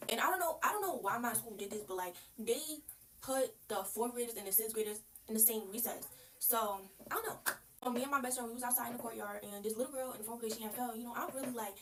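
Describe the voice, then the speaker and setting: A young woman tells a story-time at a quick clip in a bright, raised voice. Her manner is slangy and blunt. The mic sits a little away from her, with a faint hiss underneath. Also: fairly high pitch, distant mic. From New York. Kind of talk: casual story-time monologue.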